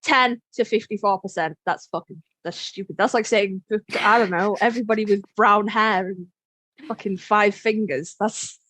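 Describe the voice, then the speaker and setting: A woman's voice: mid-range voice, normal speed, bright, forceful tone, slight background noise. A woman co-hosting a podcast in casual chat, blunt and self-deprecating, swearing freely. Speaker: podcast co-host and instructor.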